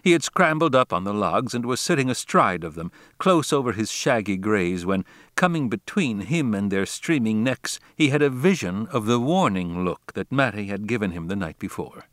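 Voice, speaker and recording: Male audiobook narrator, measured delivery, lowish voice, dry booth sound. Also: sing-song, a bit bright, no echo. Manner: measured, deliberate reading. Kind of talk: audiobook narration of a classic novel.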